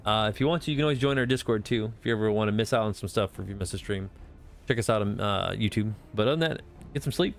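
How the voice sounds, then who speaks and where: A man with a lowish voice chats on a live game stream, rambling and swearing freely, with many fillers. Soft music runs faintly in the background. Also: fast, vocal fry. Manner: rambling, profane, filler-heavy talk. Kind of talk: casual live-stream chat.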